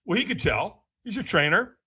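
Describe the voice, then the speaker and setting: This podcast guest's voice is husky, bright, and forceful with a sing-song lilt, moving at a moderate pace. He tells his story animatedly, laughing a lot and performing quotes in a higher voice.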